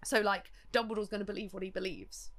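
A woman's voice: medium pitch, steady tone, fast talker, a bit bright. A young woman co-hosting a casual book discussion, thinking aloud with analytical enthusiasm. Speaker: podcast co-host.

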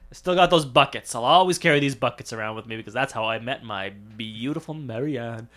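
Man doing an eccentric chef, bright voice, rhyming sing-song, comedy podcast. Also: medium pitch, a little fast, lightly acted. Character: eccentric male chef, cheerful rhyming poet. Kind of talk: improvised comedy podcast character.

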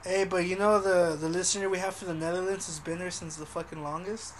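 A man's voice: sits high, fairly even intonation, brisk, a little hiss or hum. A man co-hosting a casual podcast, talking in a crude, profane, slangy way. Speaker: podcast co-host.

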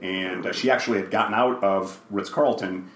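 An older man with a low-set voice tells rambling stories in a relaxed, chatty podcast conversation. He slips into acted-out quotes as he goes. The room is echoey, with a faint hiss underneath. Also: normal speed. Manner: rambling storyteller who acts out quotes. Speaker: guest, father of the host. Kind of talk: casual podcast chat.

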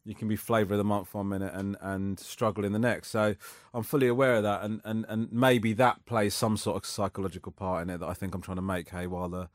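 Brief: male comedian guest, low-pitched, rambling and self-deprecating, dry close sound. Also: flat delivery, fast, few pauses, dry recording. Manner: rambling, self-mocking, laughs often. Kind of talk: casual interview chat.

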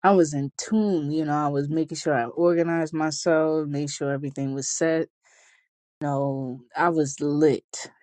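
Young woman vlogging, laid back slangy storytime, warm tone, laughs a lot. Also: low voice, steady tone, measured pace, no room sound. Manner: chatty, slangy, laughs often. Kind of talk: casual storytelling to camera.

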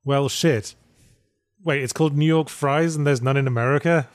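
A man's voice: a little high, normal speed, dry recording. A man co-hosting a casual podcast chat, talking with dry, wry humor. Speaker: podcast co-host.

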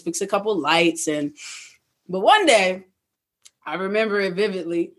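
Animated storyteller with chatty fillers. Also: mid-range voice, normal speed, pauses often. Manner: animated, acts out own past thoughts in quotes; frequent "you know what I mean" fillers. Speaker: guest, truck owner-operator. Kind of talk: casual interview storytelling.

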